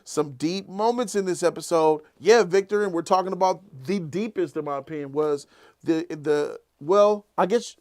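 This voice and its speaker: Man, show host, casual chat, slightly high voice, animated storytelling, acts out lines. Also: normal speed.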